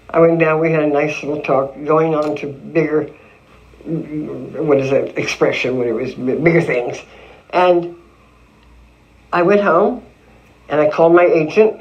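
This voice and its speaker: An older woman in an interview, telling stories of her early acting career in a lively way, acting out what people said to her. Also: low voice, lo-fi sound. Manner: lively storytelling with acted-out quotes and laughs. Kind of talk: reminiscing interview.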